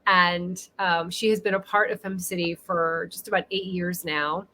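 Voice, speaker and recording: A woman's voice: fairly low pitch, fairly even intonation, normal speed, sharp tone. A woman hosting a casual interview on a video call, gushing and emotional about her guest. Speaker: interview host.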